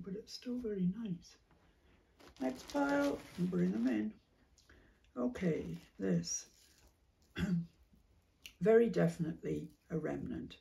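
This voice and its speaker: A woman with a strongly gravelly, fry-heavy voice chats unhurriedly through a casual craft vlog. She muses aloud and slips into soft whispered asides, coughing now and then. The mic sits well away from her. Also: medium pitch, recorded from a distance. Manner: chatty, musing, drops into soft whispered asides. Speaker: craft vlogger. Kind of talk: casual chat while sorting fabric.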